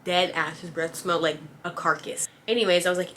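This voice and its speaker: A young woman telling a casual story about her cashier job in an animated, slangy, exasperated way. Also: lowish voice, brisk, few pauses, a little hiss or hum. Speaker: vlogger, former cashier.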